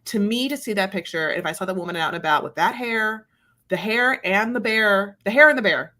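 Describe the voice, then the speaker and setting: A woman co-host with a bright, forceful voice chats casually about a reality show. She rambles through many fillers and now and then slips into silly put-on voices. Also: mid-range voice, brisk. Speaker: podcast co-host. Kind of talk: casual recap chat.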